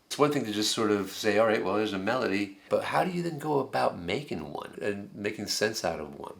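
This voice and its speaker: Animated and a little fast, a middle-aged man with a creaky, lowish voice teaches songwriting, chatting with his class and playing piano examples to explain his lecture.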